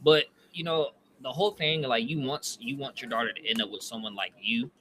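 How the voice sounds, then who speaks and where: A young man chats casually on a comedy podcast, rambling and hesitant. His voice is very bright and sharp. Faint noise hums behind him. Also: mid-range voice, brisk. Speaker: podcast co-host.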